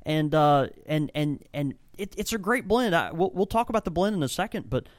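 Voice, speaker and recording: A man's voice: on the high side, lively intonation, brisk, no echo, studio quality. A man co-hosting a casual podcast from a tobacco shop, talking enthusiastically and rambling through descriptions. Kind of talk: casual chat.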